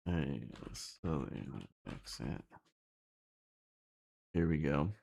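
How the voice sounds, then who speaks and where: A man casually thinking out loud while planning a scene, rambling and halting, with frequent swearing. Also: a bass voice, lively intonation, gravelly, slightly rough. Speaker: streamer writing an animation script.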